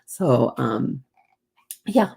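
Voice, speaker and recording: Woman with a New Zealand accent, low voice, chatty storyteller who acts out the dialogue. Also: sing-song, very slow, gravelly, warm tone, slightly rough. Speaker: host. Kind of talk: casual storytelling.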